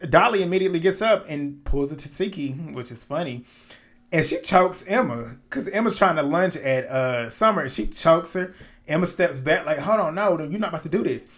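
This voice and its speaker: A man giving a casual, opinionated recap of a reality show episode, animated, often laughing and swearing. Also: a little high.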